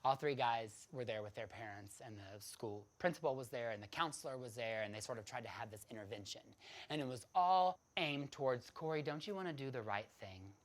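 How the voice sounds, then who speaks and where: Brief: a man of average pitch, lively and dramatic as he tells his own story. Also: a little fast. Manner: animated, laughing, dramatic. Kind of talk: personal storytelling to an audience.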